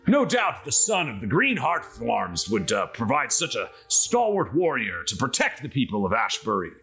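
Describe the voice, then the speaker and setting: A man's voice: medium pitch, wildly swooping pitch, normal speed, pushed and bright, soft background music, heavily acted. A man voicing a big, muscular, endlessly optimistic male cleric who speaks in a cheerful, grandiose way. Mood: admiring.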